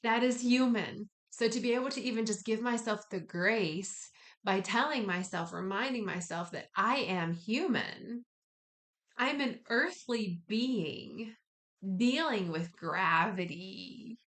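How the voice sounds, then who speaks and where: A woman giving a casual spiritual wellness talk, conversational and gently encouraging with slangy asides. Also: mid-range voice, slow pace. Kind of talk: casual spoken guided talk.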